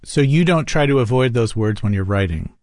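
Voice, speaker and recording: A man's voice: medium pitch, expressive, fairly quick, darkish tone, no echo. A man hosts a radio interview and asks plain questions in a conversational way. His voice sits in a middle register. The sound is dry and close.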